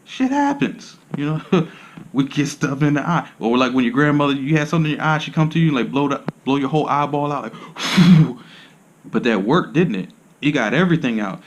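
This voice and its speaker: A man's voice: medium pitch, brisk. Man massage therapist, blunt and profane, streetwise slang, rambling talk to camera. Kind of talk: casual monologue to camera.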